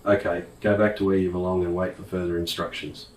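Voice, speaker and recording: A man's voice: sits low, little pitch movement, brisk, reverberant, distant mic, a little hiss or hum, lightly acted, rough recording. A man voicing a blunt, impatient adventurer who gives curt commands in an audiobook.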